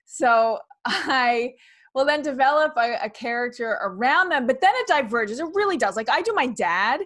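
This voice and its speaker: A comedian woman from New York, her old accent mostly trained away, talks about her work in a relaxed interview. She speaks in an animated, chatty way, laughs easily and often starts her sentences over. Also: sits high, moderate pace. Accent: slight New York, mostly trained out. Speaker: comedian and actress guest. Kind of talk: casual interview conversation.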